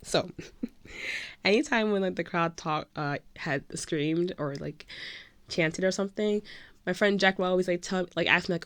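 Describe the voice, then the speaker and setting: A young woman recounts a story to her vlog camera in a breathless, gushing ramble, her voice sitting a little low. She leans on "like" constantly and flips between excited high squeals and hushed whispers. The sound is close and dry, with no room around it. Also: normal speed, no echo. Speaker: vlogger.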